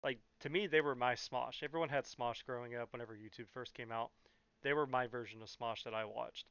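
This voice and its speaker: A man's voice: mid-range voice, steady tone, a little fast, fairly bright tone, clean tone, no echo. A young man in California rambling through a casual question-and-answer vlog, full of fillers and blunt swearing. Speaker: YouTuber. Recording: dull, muffled, dry sound.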